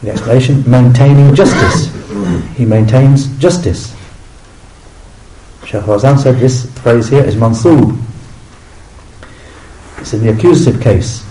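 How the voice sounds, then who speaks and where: A man's voice: medium pitch, background noise. Man translating a religious lesson in an echoey room. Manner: measured, explanatory, repeats each Arabic term in English. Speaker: teacher translating and explaining a scholar's commentary.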